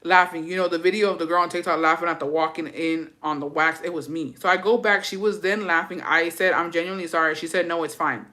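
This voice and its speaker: A woman hosting a casual gossip show, reading viewer stories aloud and reacting with animated, profane commentary that drops Spanish words. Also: lowish voice, fast, few pauses.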